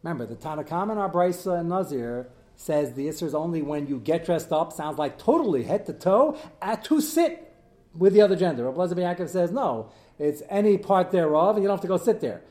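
A man teaching a Talmud class as a rabbi, animated and joking, his voice jumping up and down as he mixes in Hebrew study terms. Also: quick pace. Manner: animated, swings in pitch and loudness. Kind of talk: lively Talmud lecture with jokes.

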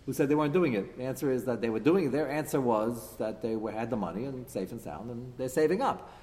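A man leads a text class with animated, emphatic delivery, often turning ideas into rhetorical questions for his students. His voice sits at a middling pitch. The room rings with a long reverberant tail. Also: fast talker. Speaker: teacher leading a text class. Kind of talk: classroom lecture with discussion.

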